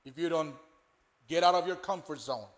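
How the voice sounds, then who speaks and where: Pastor man stressing his point. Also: fairly high pitch. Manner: emphatic, repeats key point, measured pauses. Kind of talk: sermon-like discussion.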